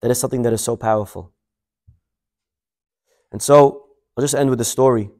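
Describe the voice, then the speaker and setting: A male rabbi giving a sermon, telling a story in an animated, conversational way. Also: medium pitch, normal speed.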